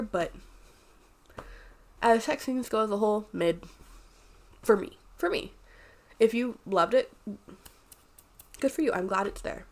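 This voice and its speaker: A congested, sniffly woman giving a chatty, rambling and candid casual book review. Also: on the high side.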